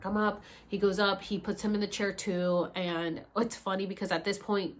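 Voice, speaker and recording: Young woman vlogging, super animated, says like constantly, acts out everyone's lines. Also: moderate pace. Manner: animated, acts out quotes with big pitch jumps, says "like" a lot. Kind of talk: casual storytelling.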